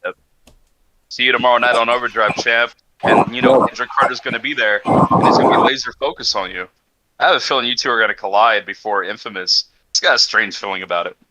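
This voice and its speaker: A man's voice: medium pitch, quick pace, sharp tone, poor audio. A man hosting a wrestling press conference in upbeat announcer style, hyping and playing along. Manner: upbeat, hypes and plays along.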